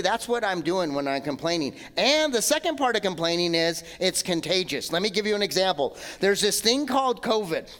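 A man preaching a sermon as pastor, animated and acting out the voices of complainers. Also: sits high. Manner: hushed, slow prayer.

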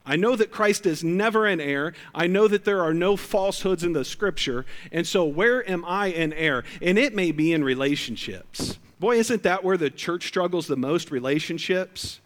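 A middle-aged male pastor preaching a sermon in a conversational, joking way, with sudden loud bursts. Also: high-pitched, moderate pace, few pauses.

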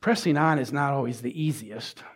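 Husky-voiced man preaching a sermon. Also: mid-range voice, normal speed. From Minnesota. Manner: conversational preaching with rising emphasis and asides to the congregation. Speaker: pastor.

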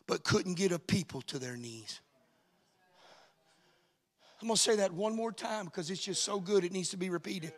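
A man preaching a sermon, swinging from shouted, sung-out lines to quiet asides. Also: sits high, expressive, moderate pace, long pauses. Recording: reverberant hall sound.

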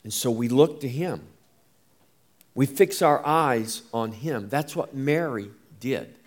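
A man preaching a sermon as pastor, slow and emphatic, rising and falling as he drives each point home. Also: mid-range voice.

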